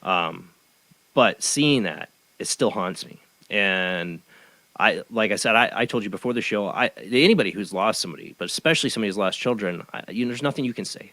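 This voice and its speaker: Earnest man host, low dry voice. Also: expressive, fairly quick, sharp tone, no echo, poor audio. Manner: earnest, stammering restarts. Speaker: podcast host. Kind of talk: casual conversational interview.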